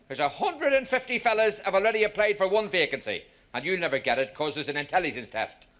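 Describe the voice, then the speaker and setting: Comic putting on a bossy know-it-all mate laying down the law, bit high and bright. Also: male voice, animated, quick pace. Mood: warning. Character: know-it-all older workmate giving warnings.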